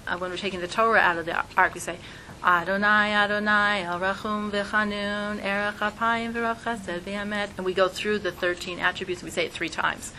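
A woman teaching an informal class who talks in a lively way and acts out voices when she quotes people. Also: on the low side, slight background noise, low-quality recording.

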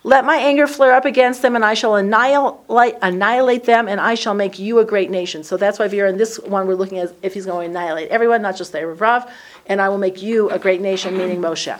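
Woman leading a Torah class, chatty and animated, acting out the verses in an even middle register. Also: medium pitch, fast. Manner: lively, acts out the dialogue in the text. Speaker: Torah study teacher. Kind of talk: conversational Bible class teaching.

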